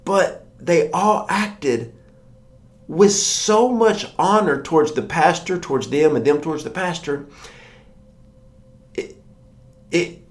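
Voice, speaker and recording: A man's voice: on the high side, takes it slowly, long pauses. Storytelling man preaching a morning sermon. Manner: conversational storytelling, acts out quoted voices.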